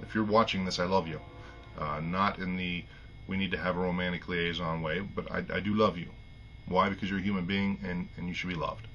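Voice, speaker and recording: A man's voice: deep voice, fairly even intonation, fairly quick, bright, forceful tone, muffled recording, faint music behind. Earnest, choked-up middle-aged man. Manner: earnest, rambling, with restarts. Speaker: vlogger. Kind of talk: casual heartfelt monologue to camera.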